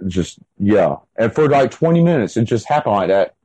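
Mellow low-voiced man in his thirties. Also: big pitch swings, moderate pace, breathy edge, no echo, poor audio. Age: 30s. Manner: rambling, full of "like" and "and everything" fillers. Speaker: interviewee. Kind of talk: casual first-person storytelling.

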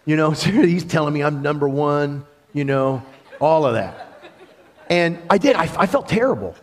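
Male preacher, bright higher voice that swoops a lot, chatty and storytelling from the pulpit. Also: normal speed. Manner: animated, conversational storytelling with laughs. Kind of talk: sermon.

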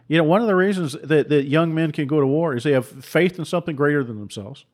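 A man's voice: a little high, quick pace, few pauses, a little mellow. A man preaching with heated, repetitive rhetoric and rhetorical questions, often stumbling into restarts. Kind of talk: impassioned preaching commentary.

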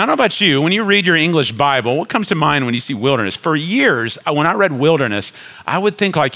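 A middle-aged man, a pastor preaching a sermon, animated, acting out complaining crowds in a raised voice. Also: mid-range voice.

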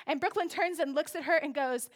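A woman's voice: high-pitched, fairly quick. A woman in her thirties preaching a sermon to a church congregation, emphatic and repeating key phrases for stress. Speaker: pastor. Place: church sanctuary.

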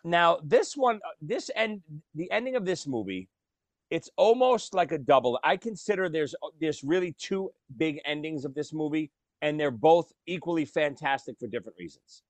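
A man co-hosting a podcast, talking about movies in a casual, animated storytelling way. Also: on the high side, moderate pace, no echo. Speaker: podcast co-host.

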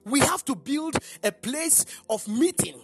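A woman's voice: high voice, lively intonation, a little slow, soft background music. A woman preacher delivering a sermon in church, emphatic and questioning the congregation.

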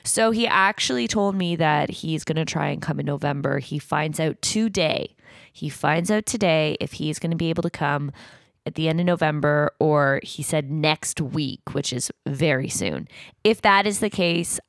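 A woman's voice: sits low, gravelly, no echo, studio quality. A woman hosting a podcast with her father, talking casually and candidly, with the odd swear. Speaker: podcast host.

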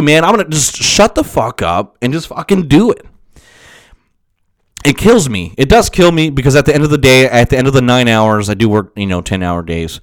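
A man's voice: medium pitch, big pitch swings, fairly quick, no room sound. A young man talks through his solo podcast in a loose, rambling way, swearing freely as he pep-talks himself. His voice sounds worn and strained. The sound is dry and close to the mic. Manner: profane, rambling, self-motivating with frequent laughs. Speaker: podcast host. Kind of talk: casual solo podcast monologue.

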